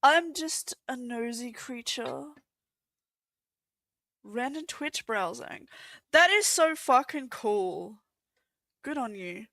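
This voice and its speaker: Slow-talking, bright-voiced Australian woman streamer. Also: fairly high pitch, lively intonation, vocal fry, no room sound. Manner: crude, swears freely, reads chat aloud. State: stoned. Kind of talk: casual stream chat.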